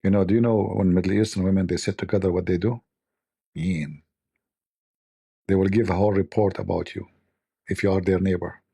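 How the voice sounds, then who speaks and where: A man hosting a casual livestream, his voice gravelly and husky. He rambles along in a mocking, sarcastic way, and his tone stays dark and low-lit. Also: steady tone, a little fast, pauses often. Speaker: livestream host.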